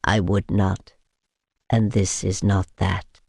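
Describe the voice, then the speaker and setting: A woman doing a hushed, deep-voiced male vampire. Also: level tone, gravelly, husky, dry recording, clean studio sound, full character voice. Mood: firm. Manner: slow, low and hushed, patient. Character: calm ancient male vampire, quiet and commanding.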